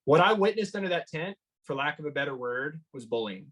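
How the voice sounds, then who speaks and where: A man giving an interview, retelling a tense encounter in an animated way, with lots of fillers and restarts. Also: fairly high pitch, a little fast, rough recording. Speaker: motorcycle engine builder guest. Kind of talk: storytelling interview.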